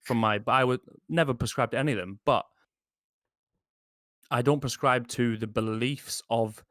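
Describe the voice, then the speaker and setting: A man's voice: mid-range voice, moderate pace, a bit bright, no room sound, studio quality. A man co-hosting a casual podcast chat over whiskey, rambling and blunt with frequent restarts. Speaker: podcast co-host.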